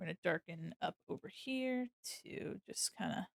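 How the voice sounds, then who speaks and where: A woman's voice: on the low side, lively intonation, normal speed, gravelly, no room sound, clean studio sound. A woman streaming while she draws, chatting casually with her viewers, playful and mock-offended, laughing often. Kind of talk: casual live-stream chat while drawing.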